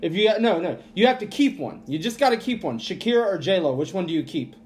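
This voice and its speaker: A man's voice: sits high, big pitch swings, fairly quick, very noisy. A man hosting a podcast, joking crudely and laughing through rowdy casual banter with friends. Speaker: podcast host.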